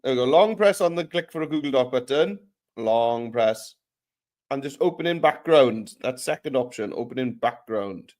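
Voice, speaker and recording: A man's voice: medium pitch, expressive, normal speed, a little mellow. A man giving a live screen tutorial, talking through each step in a playful, jokey way.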